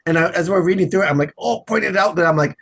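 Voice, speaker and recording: A man with a gravelly, somewhat high voice rattles along fast, rambling nostalgically. He chats casually over a call. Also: a bit bright, a little hiss or hum. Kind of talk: casual chat.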